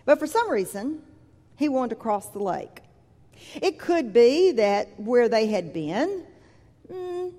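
A woman's voice: fairly high pitch, a little mellow. A woman preacher giving a sermon in a church, reading scripture and then retelling it in a conversational, vivid way. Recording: long reverb from a large hall.

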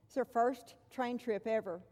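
A woman preaching to her congregation in a high, unhurried voice, weighing each phrase. She often drops into a soft, hushed tone to land a point. Her words ring out with a long reverb from a large hall. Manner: measured, dropping to soft hushed tones for emphasis. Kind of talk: sermon.

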